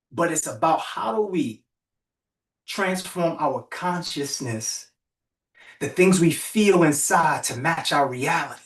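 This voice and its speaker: Man, motivational speaker, summit host, higher voice, energetic and preachy, echoey room, a bit far from the mic. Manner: energetic, preachy, repetitive calls to the chat. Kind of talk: motivational talk on a virtual summit. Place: virtual event broadcast.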